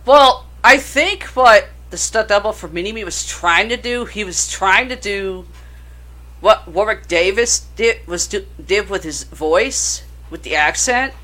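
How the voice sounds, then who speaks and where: Animated bright-voiced woman, swearing freely. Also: mid-range voice, unhurried. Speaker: podcast co-host. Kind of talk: casual chat about horror films.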